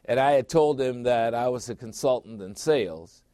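A man's voice: mid-range voice, normal speed, warm tone, no echo, clean studio sound. A middle-aged man preaching a sermon as pastor, emphatic, repeating phrases and putting questions to his listeners.

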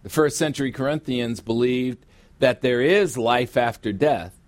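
A middle-aged man preaching a sermon as pastor, with emphatic, drawn-out stresses. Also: mid-range voice, dry recording. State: sweating, warm from preaching. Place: church sanctuary.

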